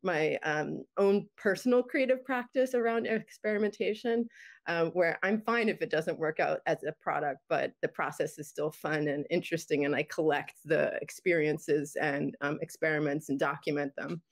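A woman's voice: deep voice, normal speed. A woman filmmaker chatting about her experimental work, full of fillers, restarts and small laughs. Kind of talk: casual panel chat.

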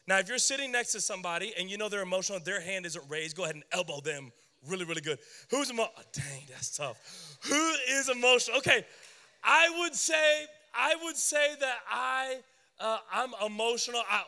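A young man preaches with a high, bright voice, animated and joking with his listeners. The sound rings with the long echo of a large hall. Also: vocal fry. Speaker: youth pastor. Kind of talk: sermon.

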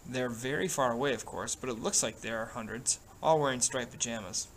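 An earnest, curious young boy from a storybook who answers carefully and with some hesitation, as a male reader does his lines. The voice lifts a little higher at moments. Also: brisk, slight background noise, lightly acted, low-quality recording. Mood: hesitant.

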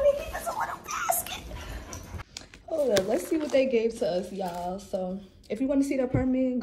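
Chatty young woman vlogger, noisy room. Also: mid-range voice. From New York. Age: 20s. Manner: chatty, addresses viewers as y'all. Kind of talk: casual vlog chat to viewers. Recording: noisy background.

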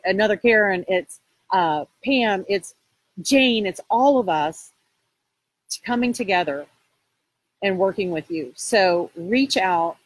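Husky-voiced woman coaching with emphatic repetition. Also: mid-range voice, dry recording, poor audio. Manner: emphatic, repetitive sales push. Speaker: real estate coach. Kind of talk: live coaching pitch to viewers.

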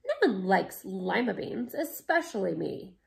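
A woman voicing a young girl in a picture-book read-aloud, with a higher, girlish delivery. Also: big pitch swings, a little slow, vocal fry, exaggerated voice. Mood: grumbling. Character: young girl Camilla, stubborn then relieved.

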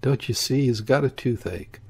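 A man reading aloud, voicing a bewildered, kindly, excitable old man with a husky voice. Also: moderate pace, natural voice. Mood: fussing. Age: older. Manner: flustered exclamations, raised pitch.

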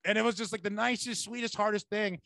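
High voiced guy hosting a podcast, swears a ton, animated stories, dead dry mic. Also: fast talker, vocal fry, dry recording. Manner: animated storyteller, swears a lot. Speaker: podcast host and comedian. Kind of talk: casual chat.

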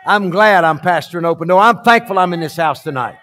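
A man preaching a fiery sermon to his church, urging the congregation on with repeated calls that swing from hushed storytelling to shouts. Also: high voice, fairly quick. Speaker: pastor. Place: church sanctuary, live service.

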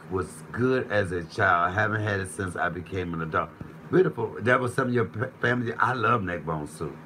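A man with a fairly low voice runs a casual live cooking stream from his home kitchen. He reads out viewer comments, jokes freely and keeps the banter going. A faint bit of room ambience sits under his voice. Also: sharp tone, a little hiss or hum, low-quality recording. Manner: playful, joking, chatty.

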